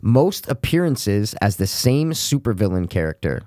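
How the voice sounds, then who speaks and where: A man's voice: fairly low pitch, big pitch swings, moderate pace, warm tone. A man co-hosting a podcast in casual chat, bantering and teasing, then quizzing his partner on trivia. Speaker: podcast co-host.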